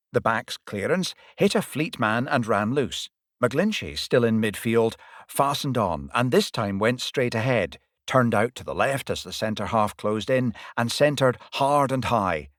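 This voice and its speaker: A man narrating a first-person audiobook with animated, dramatic storytelling that rises and falls with the action. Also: no room sound, clean studio sound. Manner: animated, swings pitch and loudness with the action.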